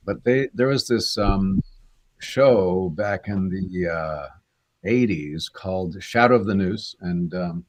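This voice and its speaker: A man's voice: low voice, takes it slowly, a little hiss or hum. A Canadian man in his sixties, an actor guest, telling rambling stories in a casual interview and acting out voices. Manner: rambling anecdotes, acts out quoted voices.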